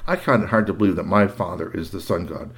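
A man voicing an eager, boastful teenage boy who pleads and crows in a high voice. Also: quick pace. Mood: pushy.

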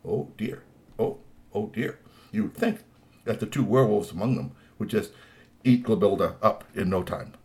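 A man telling a children's story in a playful, animated way, with lots of asides. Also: fairly low pitch, moderate pace, creaky.

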